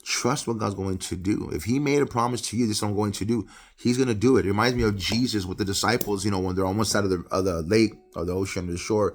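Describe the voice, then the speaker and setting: A middle-aged man giving an earnest, personal devotional talk on a Bible passage, moving from loud emphasis to low, quiet confession. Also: quick pace, few pauses. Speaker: preacher.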